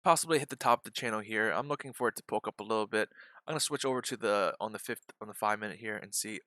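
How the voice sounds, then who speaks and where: A man runs a live trading stream in a bright, forceful voice. The sound is dry and close. He jokes, rambles and swears freely while explaining indicators. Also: fairly low pitch, rapid-fire, no echo. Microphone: desk microphone.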